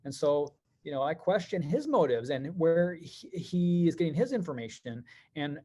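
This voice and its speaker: A middle-aged man telling stories as a podcast guest, animated and quick, with many fillers. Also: a little high. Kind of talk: conversational podcast interview.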